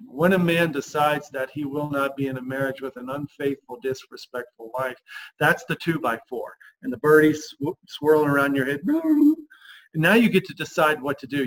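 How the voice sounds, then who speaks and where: A man coaching husbands on a podcast, emphatic and lively, acting out the lines he quotes. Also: a little high, poor audio. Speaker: relationship coach.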